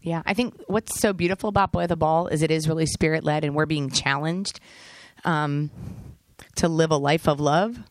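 A woman who directs a faith nonprofit, speaking casually to a church with frequent fillers and lively asides. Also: low-pitched, normal speed, dry recording. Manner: casual, lots of "like", animated asides. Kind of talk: guest talk to a church. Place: church service.

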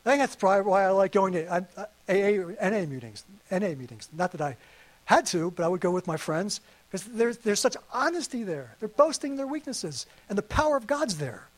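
A man with a high voice preaching to his congregation. He is earnest and conversational, and he slips in playful asides as he goes. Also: expressive, fairly quick. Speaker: pastor. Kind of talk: sermon. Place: church service.

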